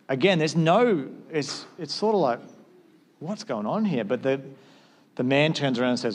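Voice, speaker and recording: A man's voice: mid-range voice, lively intonation, moderate pace, a little hiss or hum. A man, a pastor with school-age kids, preaching a sermon in a conversational way and acting out short exchanges.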